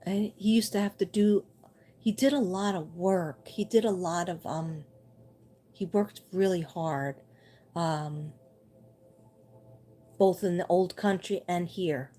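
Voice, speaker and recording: A woman doing a livestream spirit reading as a psychic medium, gentle and reassuring, repeating her messages. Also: lowish voice, takes it slowly, long pauses.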